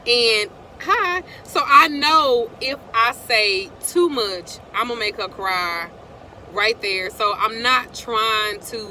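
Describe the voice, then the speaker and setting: A middle-aged woman tells a rambling story straight to her viewers, breaking off now and then to greet them. Her voice sounds bright, and faint traffic hums in the background. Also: a little high, slow. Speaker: vlogger.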